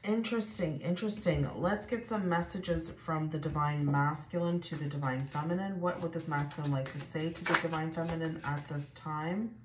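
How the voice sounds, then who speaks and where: A woman's voice: low voice, normal speed, hardly any pauses. A woman doing a casual, chatty tarot reading to camera, blunt and swearing freely. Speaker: tarot reader. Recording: echoey room with faint noise.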